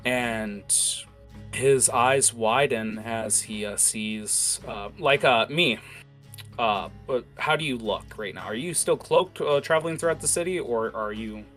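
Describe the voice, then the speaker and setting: A man's voice: medium pitch, measured pace, a bit bright, faint music behind. A man narrating as game master in an improvised tabletop session, rambling with many fillers and restarts.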